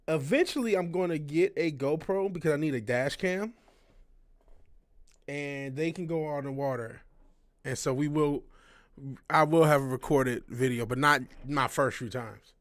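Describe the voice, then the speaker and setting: A man's voice: mid-range voice, dry recording, studio quality. A man in his thirties talking casually to a livestream audience, rambling and frank, swearing often and restarting his sentences. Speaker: livestream host.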